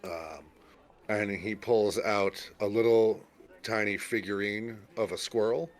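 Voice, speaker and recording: A man's voice: lowish voice, fairly even intonation, slow pace. A man narrating a tabletop role-playing game as game master, in a loose, rambling way with lots of fillers. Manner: rambling, full of fillers and restarts.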